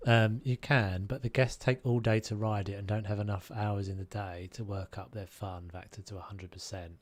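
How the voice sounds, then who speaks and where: A man's voice: lowish voice, little pitch movement, moderate pace. A man casually chatting and musing aloud while live-streaming a game, now and then humming tunes.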